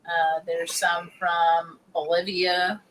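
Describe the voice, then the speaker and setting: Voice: medium pitch, little pitch movement, slow, fairly bright tone, slight background noise, rough recording. A coffee roaster guest on a podcast, talking easily with lots of "you know" and "um". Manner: easygoing, filler-heavy. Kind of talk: casual chat.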